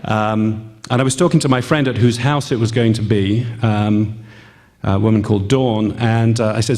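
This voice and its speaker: A man tells a personal story to a live audience, halting often with ums and gently poking fun at himself. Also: fairly low pitch, steady tone. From England. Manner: halting, with frequent ums and gentle self-mocking humor. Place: event hall. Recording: long reverb in a hall.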